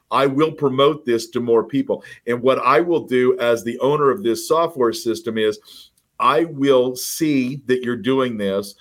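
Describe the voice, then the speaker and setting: Animated man coaching real estate agents. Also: mid-range voice. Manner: animated storyteller, acts out quoted dialogue. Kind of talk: casual podcast conversation.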